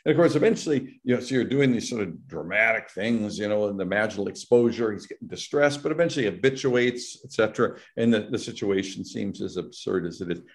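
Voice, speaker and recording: A man's voice: fairly low pitch, lively intonation, quick pace, hardly any pauses. A man who is a psychology professor, giving an explanatory academic talk over a video call, with frequent restarts and repeated words. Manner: explanatory, acts out patients' worried voices, many restarts.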